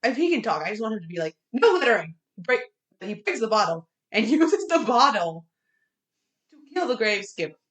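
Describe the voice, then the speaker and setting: A woman's voice: on the high side, very animated, normal speed, a bit bright. A woman co-hosting a casual movie review podcast, recapping the plot in a chatty way with lots of fillers. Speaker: podcast co-host.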